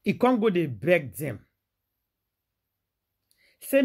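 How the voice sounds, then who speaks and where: A Nigerian woman running a celebrity gossip vlog in Pidgin-laced English, loud with exclamations and repeated phrases. Her voice is husky, and her pitch swings widely as she dramatizes each point. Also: sing-song, moderate pace. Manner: theatrical, exclaiming, repetitive.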